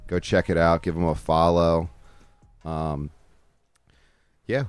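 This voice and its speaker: A man's voice: low voice, flat delivery, slow, clean tone, no room sound. A young man hosting a casual podcast chat, laid-back and loose, swearing casually between fillers. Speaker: podcast host.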